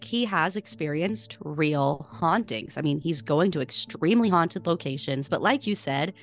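An American woman co-hosting a podcast, chatting casually and acting out the quotes in her stories. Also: low-pitched. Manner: animated storytelling, acts out quotes. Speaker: podcast co-host. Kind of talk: casual chat.

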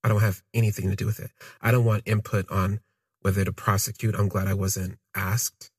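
Raspy low-voiced man telling his story. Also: flat delivery, no room sound, clean studio sound. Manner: halting, reflective, trails off and restarts. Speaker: podcast storyteller. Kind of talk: first-person storytelling monologue.

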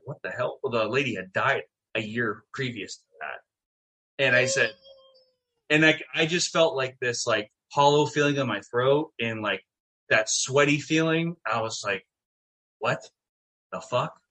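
Casting note: middle-aged man, bright husky voice, lively storyteller who swears freely. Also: medium pitch, measured pace. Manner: animated, swearing, acts out quotes. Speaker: guest, town mayor. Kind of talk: casual storytelling.

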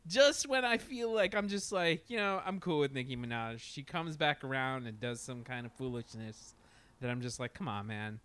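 A man's voice: mid-range voice, animated, moderate pace, a bit bright, smooth. A man co-hosting a casual podcast chat, laid-back and joking, with many fillers.

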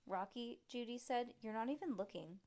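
Brief: woman narrator, a bit high, lively read-aloud of a kids' story at home, does the characters. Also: moderate pace. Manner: lively, voices the characters, chats and laughs between passages. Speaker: reader. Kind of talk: reading a children's book aloud.

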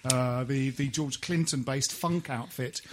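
A man co-hosting a football podcast, talking in a dry, deadpan way with many hesitations. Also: mid-range voice, measured pace. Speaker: podcast co-host. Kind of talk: casual chat.

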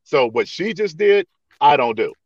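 A man's voice: on the high side, big pitch swings, normal speed, dull audio, a little hiss or hum. A man voice actor in casual chat, emphatic and repeating himself.

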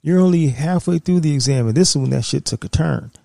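A man putting on a stern army recruiter who lectures in a gravelly, somewhat high voice. He presses hard and insists on his point. The sound is dry and close. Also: a little fast, mellow, dry recording.

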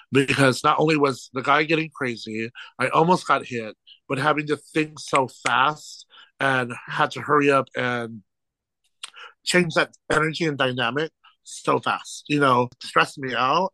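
Bright, lively storytelling man. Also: medium pitch, no echo, rough recording. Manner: animated, laughs through stories, quotes people in lively voices. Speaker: podcast guest, drag show host. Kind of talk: casual storytelling chat.

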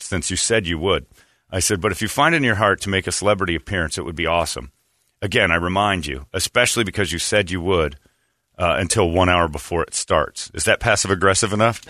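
A man's voice: deep voice, no echo, studio quality. A man hosting a radio show, telling a story in casual chat and acting out the people he quotes. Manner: animated storyteller, acts out quoted voices.

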